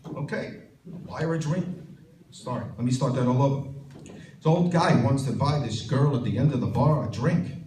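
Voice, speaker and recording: A man's voice: medium pitch, a little fast, dark tone. A man telling one-liner jokes on stage as an impression of a famous comedian, with punchy asides to the audience. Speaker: stand-up comedian. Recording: roomy sound from a distant mic with faint noise.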